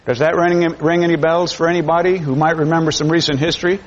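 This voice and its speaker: A man's voice: on the high side, flat delivery, fast. A man preaching a sermon to his congregation, emphatic, often repeating words as he builds each point. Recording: dull lo-fi sermon recording.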